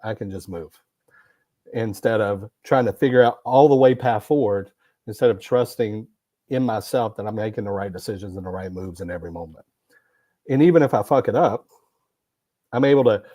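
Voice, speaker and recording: Deep-voiced man, emphatic and preachy. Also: fairly quick, dark tone, no room sound. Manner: emphatic, repetitive, preachy about masculinity. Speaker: podcast guest. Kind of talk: casual podcast conversation.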